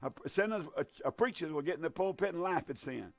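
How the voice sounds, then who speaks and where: A man preaching a fervent sermon, emphatic and repetitive, with drawn-out stresses. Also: fairly high pitch, expressive, no echo.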